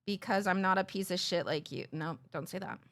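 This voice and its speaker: A woman's voice: lowish voice, fairly quick, a bit bright. A woman live streamer talking casually with her chat, ranting with sarcasm and swearing.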